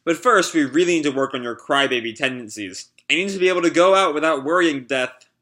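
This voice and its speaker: Kind, teasing dad, read by a man, slightly raised, bright. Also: fairly high pitch, quick pace. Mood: fond. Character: kind, cheerful adoptive father, gently teasing.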